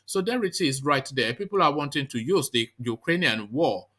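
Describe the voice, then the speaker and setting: A man hosting a live online discussion show, reading news and then greeting his guests in an animated, halting way with frequent restarts. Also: mid-range voice. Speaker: host.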